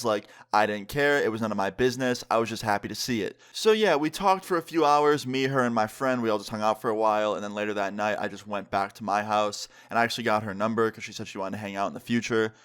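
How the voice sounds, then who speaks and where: A man's voice: fairly low pitch, a bit bright, clean tone. A young man, a YouTuber, telling a casual storytime with slang and lots of "like". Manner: slangy, fast, full of "like".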